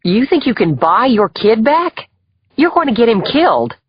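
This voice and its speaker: A man voicing an exasperated young female federal agent in an audiobook, his voice raised high and sharp. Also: a little fast, husky, no echo, highs cut off. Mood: furious. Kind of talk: audiobook character voice.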